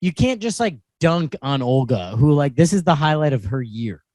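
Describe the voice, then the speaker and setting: A man's voice: a little high, lively intonation, moderate pace, a little mellow, dry recording. A man co-hosting a podcast in casual chat, rambling through stories, correcting himself and laughing easily. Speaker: podcast co-host.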